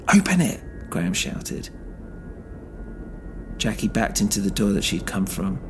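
A man narrating a story in the first person, measured and low-key. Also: gravelly, darkish tone, a little hiss or hum. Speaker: narrator and host.

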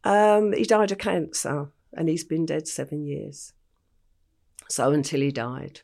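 A woman's voice: low voice, fairly even intonation, unhurried, gravelly, darkish tone. An older English woman, an interview guest, telling her story vividly and acting out the voices she quotes. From England.

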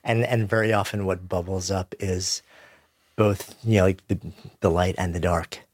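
A man hosting an interview, asking questions and reflecting in a measured, thoughtful way. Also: low-pitched, steady tone, no room sound. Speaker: host.

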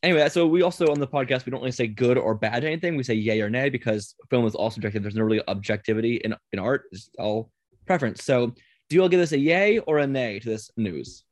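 Man, podcast host, casual chat, rambling, fast pace, dry sound. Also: medium pitch, no echo. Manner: chatty, rambling, laughs often.

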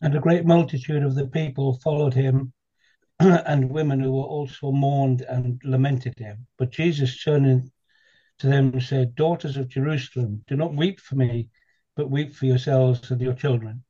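A man reads scripture aloud in a very dark, mellow voice with a husky edge. His reading is steady and measured. The recording sounds dull and muffled. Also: mid-range voice. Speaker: scripture reader.

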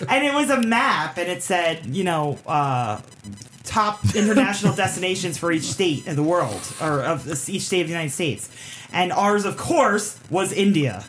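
A woman's voice: on the low side, animated, measured pace, noisy background. A woman co-hosting a podcast in casual banter, teasing and laughing. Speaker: podcast co-host.

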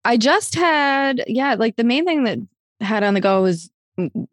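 A woman's voice: fairly high pitch, expressive, no room sound, clean studio sound. A woman comedian from Newfoundland talking in a casual, breezy chat. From Newfoundland, Canada. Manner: quick, breezy, laughing easily. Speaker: comedian guest.

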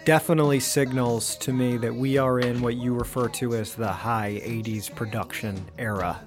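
A man's voice: medium pitch, steady tone, normal speed. A man co-hosting a podcast, chatting casually about music and production. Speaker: podcast co-host.

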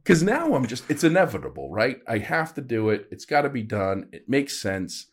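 A man in his forties, hosting a podcast and telling a story in a casual chat. He is animated and uses self-deprecating humor. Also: mid-range voice, moderate pace, husky. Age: 40s. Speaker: podcast host.

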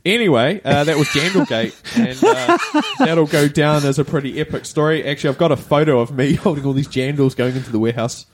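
A man, co-hosting a podcast and telling a story in casual, animated chat. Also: a little high, fast talker, hardly any pauses. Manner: animated storytelling, laughing through it. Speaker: podcast co-host.

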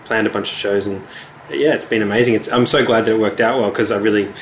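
A man's voice: lowish voice, fairly even intonation, fast talker, slight background noise. A man with an Australian accent, a touring musician who answers interview questions in an easygoing, modest way. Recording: roomy echo with faint ambience.

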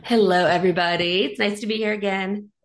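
A woman's voice: mid-range voice, steady tone, brisk. A woman guest on a casual podcast, talking hesitantly, restarting sentences and filling them with "like".

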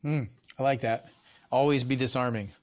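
A man's voice: mid-range voice, steady tone, normal speed. A man hosting a podcast interview, talking casually with lots of fillers and restarts. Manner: rambling with many fillers and restarts. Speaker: podcast host.

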